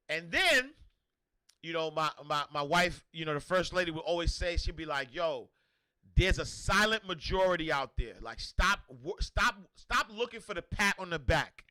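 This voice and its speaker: A man from Harlem with a New York accent talks off the cuff to his livestream audience. His voice sits high and bright, and he piles on slang and repeats himself as he goes. He is recorded dry and close to the mic. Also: dry recording. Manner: animated, repetitive, slangy, restarts a lot. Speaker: host. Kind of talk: casual livestream monologue.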